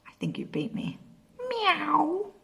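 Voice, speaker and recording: A woman's voice: on the low side, lively intonation, normal speed. A woman teacher leading a playful animal-sounds lesson for children, imitating animal noises. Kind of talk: playful classroom video lesson.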